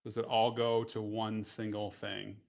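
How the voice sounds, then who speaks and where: A man's voice: lowish voice, flat delivery, measured pace, gravelly, noisy background. A man playing a tabletop game, eagerly asking his game master a string of questions. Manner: eager, asks many questions. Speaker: player. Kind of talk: casual tabletop play. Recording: dull lo-fi mic.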